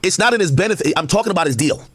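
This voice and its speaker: Male streamer, high-pitched and fast, husky tone, insistent arguer in a debate. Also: expressive, a bit bright, no room sound. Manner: argumentative, explains insistently, talks over others. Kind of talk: heated live-stream debate.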